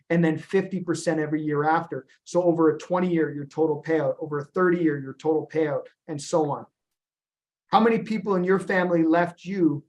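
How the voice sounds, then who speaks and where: A man leading a business presentation on a group call, animated and storytelling, with frequent ums and retold dialogue. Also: a little high. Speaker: company founder presenting to agents on a call.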